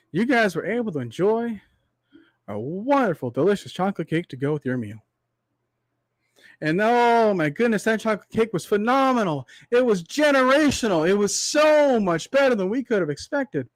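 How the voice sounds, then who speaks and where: A man's voice: high voice, lively intonation, dry recording. A young man hosting a livestream, delivering a preachy ranting monologue full of rhetorical asides, his voice tiring from talking so long. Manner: preachy, repetitive rhetorical asides, drawn-out extended metaphor. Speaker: livestream host.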